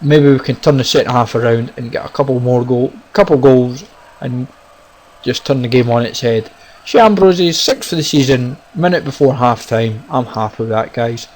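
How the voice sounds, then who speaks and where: A man giving casual, excitable commentary on his own football video game, talking to viewers as guys and lads. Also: mid-range voice, normal speed, slight background noise, low-quality recording. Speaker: gaming YouTuber. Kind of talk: casual live gameplay commentary.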